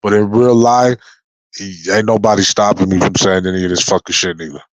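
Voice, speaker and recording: A man's voice: lowish voice, a little fast, dry recording, rough recording. A young man giving an unscripted freestyle rant on his channel, profane and confrontational, often repeating and restarting his words. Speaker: YouTuber.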